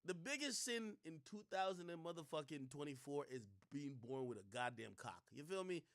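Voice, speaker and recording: A man streaming and reacting to clips in casual, animated talk, full of slang, swearing and repeated words. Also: on the high side, moderate pace, no room sound, clean studio sound.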